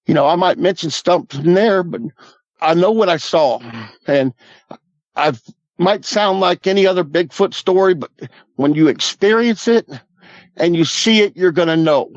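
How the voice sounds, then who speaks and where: Man, fifties, slightly high voice, earnest folksy storyteller, dry lo-fi audio. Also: no room sound. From Southwest Missouri Ozarks. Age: 50s. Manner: earnest, folksy, repeats "I said" and "he goes". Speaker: guest. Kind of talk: recounting a personal encounter.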